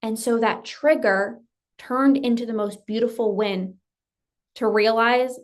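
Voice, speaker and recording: A woman's voice: fairly high pitch, steady tone, unhurried. A woman coach giving an emphatic motivational talk, often acting out her client's thoughts and repeating phrases for effect.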